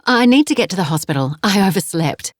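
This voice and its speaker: A woman's voice: mid-range voice, lively intonation, fast, dry recording, clean studio sound, close to an everyday voice. A woman voicing Maggie, a worried middle-aged mother who speaks tenderly and anxiously.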